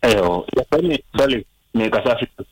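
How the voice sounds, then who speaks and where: A man's voice: mid-range voice, lively intonation, moderate pace, slight background noise, rough recording. A man calling in to a radio show and steadily reporting a complaint. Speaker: caller. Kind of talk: call-in report.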